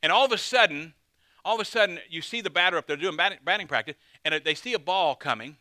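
A man's voice: high-pitched, animated, fast, bright, forceful tone, no room sound. A man, a pastor, preaching a conversational sermon with dramatic emphasis.

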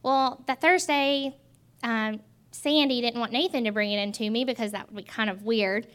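A woman in her twenties telling her personal faith testimony in an earnest, halting way with many pauses. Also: fairly high pitch, a bit bright, smooth. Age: 20s. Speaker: testimony speaker.

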